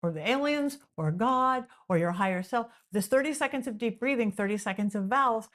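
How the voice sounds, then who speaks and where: A woman with a fairly high voice speaks as a podcast guest. She explains in an animated way, stacks up long lists of words and circles back to the same points, and now and then slips into the voices of imagined people. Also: a little fast. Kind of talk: explanatory interview talk.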